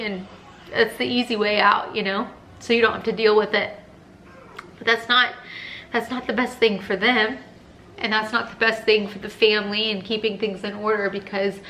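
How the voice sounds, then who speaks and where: Emotional young mom, bright voice. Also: female voice, fairly high pitch, slight background noise, rough recording. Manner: emotional, tearful, heartfelt. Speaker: stay-at-home mom vlogger. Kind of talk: casual chat. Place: home kitchen.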